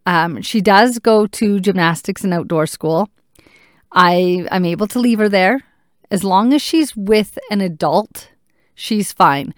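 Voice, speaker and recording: A woman in her thirties, a mother speaking candidly and reflectively, thinking aloud with pauses. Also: medium pitch, dry recording, clean studio sound. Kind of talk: personal talk to camera.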